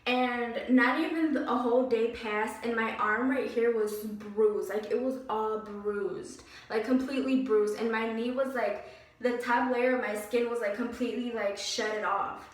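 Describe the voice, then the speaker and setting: A young woman vlogger retells a story in an animated, exasperated way, stacking up "like"s and letting out heavy sighs. Her voice sits a little high. She is recorded from a distance in a very echoey room. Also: a little slow. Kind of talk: casual storytime vlog. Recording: very echoey room, voice away from mic.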